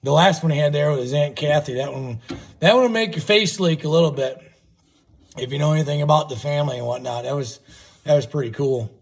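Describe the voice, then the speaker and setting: A man with a husky, slightly rough voice chats casually on his livestream. He rambles in a folksy, easygoing way and drops offhand swears as he goes. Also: a little high, brisk. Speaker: livestream host.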